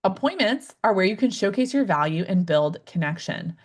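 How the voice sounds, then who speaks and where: A woman coaching new real estate agents in a live online session, addressing viewers directly and acting out client conversations with lively swings in her voice. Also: moderate pace. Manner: upbeat, acts out client dialogues with big pitch swings; addresses viewers directly, asks them to type in chat.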